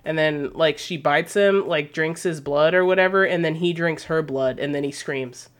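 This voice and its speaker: A woman co-hosting a casual podcast chat, retelling a film plot in a loose, profane, animated way. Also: sits low, moderate pace. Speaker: podcast co-host.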